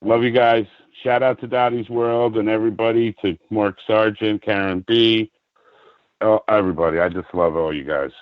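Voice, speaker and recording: A man's voice: lowish voice, fairly even intonation, normal speed, no room sound. A man calling into a talk show, chatting casually in a joking, friendly way. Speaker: caller. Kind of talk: casual call-in chat. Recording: dull lo-fi call audio.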